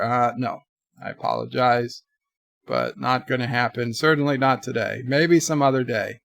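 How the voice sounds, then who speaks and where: A man's voice: medium pitch, steady tone, normal speed, vocal fry, a bit bright, dry recording, studio quality. A man streaming live, reading viewer letters aloud and answering them in a rambling, jokey way. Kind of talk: casual live-stream chat.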